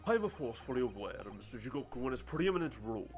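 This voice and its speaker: A man's voice: mid-range voice, sing-song, racing, faint music behind, close to an everyday voice. A man voicing a pompous older British chief justice in a formal, grand manner while reading a game's dialogue.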